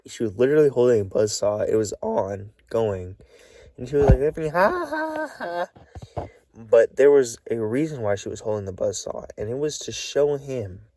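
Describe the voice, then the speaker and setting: A tired, short-of-breath man talking to camera in a halting, rambling monologue, full of restarts. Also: medium pitch, mellow, distant mic. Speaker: vlogger.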